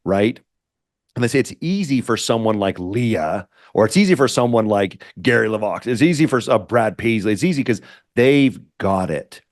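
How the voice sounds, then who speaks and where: A man's voice: on the low side, lively intonation, moderate pace, no echo, clean studio sound. A man hosting an interview podcast, fervent and faith-driven, often stumbling and repeating his words. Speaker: podcast host.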